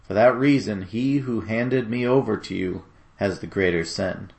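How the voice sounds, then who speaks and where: A man reading as a calm, steady prisoner. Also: lowish voice, a little slow, gravelly. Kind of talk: dramatic scripture reading.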